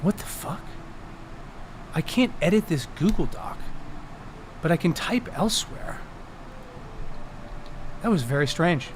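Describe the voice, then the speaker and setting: A man's voice: fairly high pitch, lively intonation, measured pace, pauses often, a little hiss or hum. A man who runs a tabletop game, chatting casually on a live stream from home, laughing often and swearing freely.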